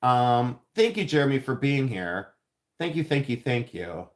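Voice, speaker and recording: A man's voice: medium pitch, big pitch swings, a little slow. A man hosting a livestream from his jewelry studio, chatting effusively with viewers, laughing often and thanking them. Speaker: silversmith livestream host. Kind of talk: casual livestream chat with viewers.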